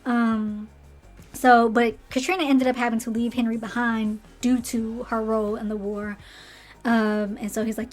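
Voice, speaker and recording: Brief: chatty, slightly hoarse woman with a higher voice, animated casual rant. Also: moderate pace, soft background music. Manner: chatty, animated, acts out character lines. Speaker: show commentator.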